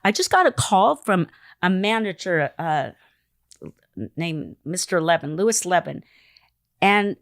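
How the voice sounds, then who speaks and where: A woman telling an anecdote in an interview, animated, acting out the lines she quotes. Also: mid-range voice, no room sound, clean studio sound. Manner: animated storyteller who acts out quoted lines. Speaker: interview guest.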